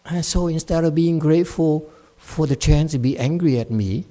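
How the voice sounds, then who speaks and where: A man teaching meditation, blunt and scolding, who mocks his students' excuses and swings between loud outbursts and quiet muttering. English is not his first language. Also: on the high side, normal speed. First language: Chinese. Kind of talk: dharma talk answering students.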